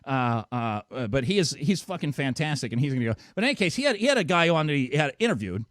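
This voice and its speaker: Fast, sarcastic ranting man host. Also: mid-range voice, big pitch swings, a bit bright, no room sound, studio quality. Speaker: radio show host. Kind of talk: profane call-in show rant.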